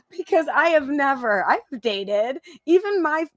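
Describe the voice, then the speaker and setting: A woman's voice: high-pitched, no echo. A woman from Michigan chats on a live stream about her psychic readings. She talks in an emotional, rambling way, laughing often and repeating her own phrases. Her voice is recorded close and dry, with no room sound. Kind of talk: casual live-stream chat.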